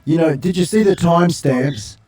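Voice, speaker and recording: A man's voice: a little high, normal speed, darkish tone, echoey room. An older Australian man hosting a casual live stream from his home studio, joking and calling guests mate. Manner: jovial, matey banter with frequent laughs. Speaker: livestream host.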